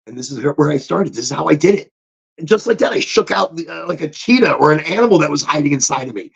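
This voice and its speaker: A man hosting a casual motivational podcast monologue, talking in a loose, animated way. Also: fast, creaky, breathy edge. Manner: animated, swoops into high excited tones when retelling stories. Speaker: podcast host. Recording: dull lo-fi recording.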